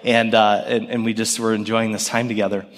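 A man in his thirties preaching a sermon as pastor, earnest and storytelling, with gentle pauses. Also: on the low side, little pitch movement. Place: church sanctuary. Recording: long church hall reverb.

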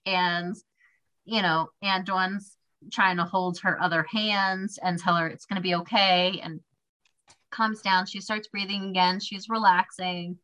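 A young woman co-hosting a podcast, telling a family story in casual chat with a sarcastic, animated delivery. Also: mid-range voice, normal speed, poor audio. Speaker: podcast co-host.

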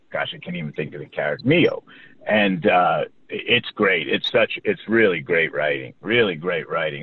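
Man, from new york, low voice, rambling fond recollections, tinny phone-like line. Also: slightly rough. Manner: rambling, halting, full of restarts and warm recollection. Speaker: guest recalling a childhood acting career. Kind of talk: casual interview over a call.

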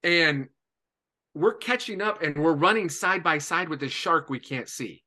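A man in his forties from Indiana, a podcast guest telling a lively anecdote with lots of "and, uh" fillers. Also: a little high, measured pace. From Indiana, USA. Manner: lively storyteller, many "and, uh" fillers. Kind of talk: animated anecdote.

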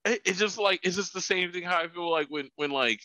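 A man's voice: sits high, fairly quick, pushed and bright, no echo, low-quality recording. A man in casual chat, rambling, repeating his words and laughing between points.

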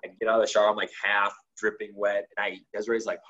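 A man's voice: fairly low pitch, level tone, fast, few pauses, fairly bright tone, rough recording. A man, a guest on a talk show, animatedly telling a story and acting out the dialogue, with plenty of "like". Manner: acts out quoted dialogue with lots of "like".

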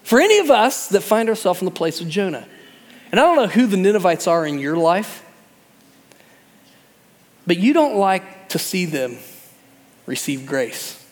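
A male pastor with a high voice preaching in a loose, joking, conversational way. His words trail off into a long reverb, as in a large church hall. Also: sing-song, moderate pace, long pauses. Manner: conversational and humorous, acting out voices. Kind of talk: sermon.

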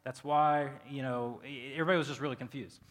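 A man's voice: mid-range voice, fairly even intonation, fast, a bit bright. A man preaching a casual sermon as pastor, talking loosely and conversationally with lots of fillers.

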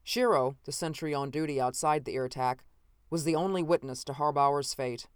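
Smooth, dry audiobook narrator. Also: medium pitch, dry recording. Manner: measured, dramatic storytelling in first person.

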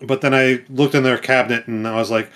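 A man's voice: medium pitch, level tone, fast talker, a bit bright. A man from Long Island, a guest on a gaming podcast, talking casually with easy laughs. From Long Island, USA.

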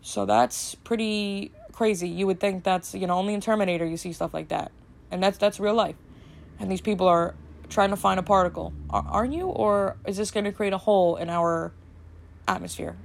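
A woman hosting a casual solo podcast, rambling and chatty with lots of fillers, a little snarky and brisk. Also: medium pitch, fairly even intonation, creaky, a little hiss or hum. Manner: rambling and chatty, full of "like" and "you know"; brisk, slightly snarky delivery. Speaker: podcast host.

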